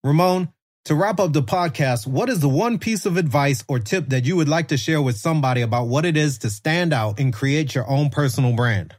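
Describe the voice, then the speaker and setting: A man hosting a podcast, speaking in a measured, deliberate way. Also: a little high. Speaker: podcast host. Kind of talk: prepared interview speech.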